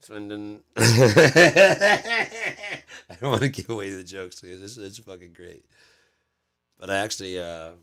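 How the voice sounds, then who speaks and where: A man's voice: on the low side, takes it slowly, long pauses, fairly bright tone. A man chatting casually as the host of his channel, rambling, swearing often and repeating himself. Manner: profane, rambling, lots of fillers and repeats.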